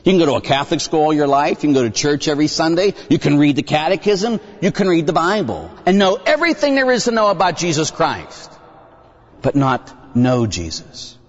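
A middle-aged priest preaches with a lively, swooping delivery, jumping into excited voices as he plays out back-and-forth exchanges. His voice sits a little high for a man. The recording is muffled and carries a long hall echo. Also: fairly quick. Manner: animated, acts out dialogue with kids, bursts into high excited voices. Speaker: Catholic priest. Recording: dull sound with long hall reverb.

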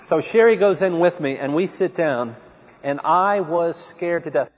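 A man giving a personal testimony talk to an audience, telling his story in a lively way and acting out his own remembered words. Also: fairly high pitch, unhurried. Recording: dull, echoey hall recording.

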